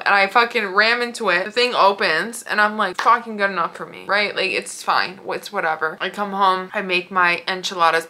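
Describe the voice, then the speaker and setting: A woman's voice: lowish voice, bright, forceful tone. A woman vlogger in pain, telling a casual, profane story in a chatty way with frequent tag questions.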